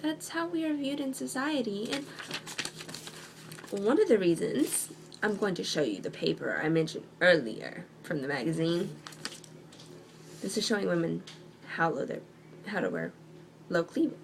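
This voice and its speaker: A woman's voice: on the low side, animated, normal speed, gravelly, long pauses, slight background noise. A young woman talking in a casual video monologue at home, sarcastic and hesitant with many ums. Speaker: vlogger.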